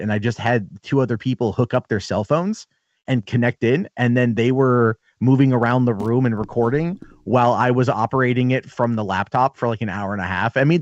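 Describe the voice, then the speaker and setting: A man's voice: mid-range voice, no echo, lo-fi sound. A man, a guest on a podcast, chatting casually and telling rambling, profane anecdotes.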